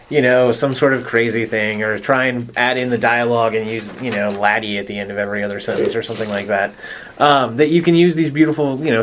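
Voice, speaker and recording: A man speaking at an ordinary middle pitch, talking through his points on a writing podcast with emphatic, agreeable energy. He explains at length in a casual panel chat. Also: fairly bright tone, a little hiss or hum. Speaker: podcast co-host, writer.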